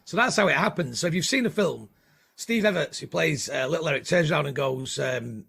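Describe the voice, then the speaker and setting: A man's voice: on the high side, animated, fast talker, creaky, fairly bright tone, breathy edge. A male comedian guest telling a rambling, self-deprecating anecdote, acting out the quotes.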